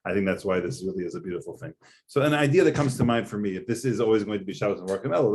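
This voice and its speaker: A man's voice: lowish voice, a little hiss or hum. A man, a rabbi, giving a conversational Torah lecture, explaining earnestly with frequent fillers. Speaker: rabbi teaching a class.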